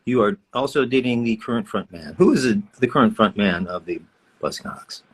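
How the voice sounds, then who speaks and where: A man at a live fan autograph session, reading questions aloud in a playful, animated way. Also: on the low side, moderate pace, breathy edge.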